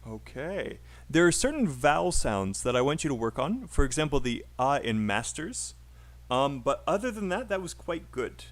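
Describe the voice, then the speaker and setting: A man's voice: on the high side, very animated, normal speed. A man teaching a live online English speaking class, patiently coaching a student's pronunciation.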